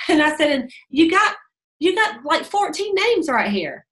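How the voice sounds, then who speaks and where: A middle-aged woman gives casual sales advice in a fairly high voice. She tells stories in a chatty way and acts out both sides of conversations, laughing often. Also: big pitch swings, moderate pace, fairly bright tone, poor audio. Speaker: beauty sales director.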